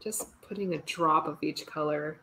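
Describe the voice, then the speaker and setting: A woman's voice: sits low, fairly even intonation, normal speed, pushed and bright, a little hiss or hum. A woman teaching artist chatting casually while painting, self-deprecating and laughing often. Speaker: teaching artist doing a demo.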